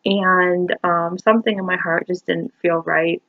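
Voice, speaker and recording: A woman's voice: fairly low pitch, flat delivery, a little slow, no room sound. Young woman vlogger, confessional storytelling, rambling and emotional; dry, muffled phone audio. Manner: rambling, emotional, full of "like" and "you know". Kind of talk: personal storytelling to camera. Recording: dull lo-fi phone recording.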